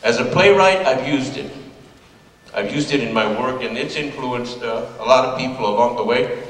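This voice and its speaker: A man's voice: mid-range voice, normal speed, a bit bright, recorded from a distance. Older man speaking in an echoey hall. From United States. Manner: humorous, anecdotal, plays voices. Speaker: playwright giving a talk. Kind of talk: public lecture. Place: large hall with audience.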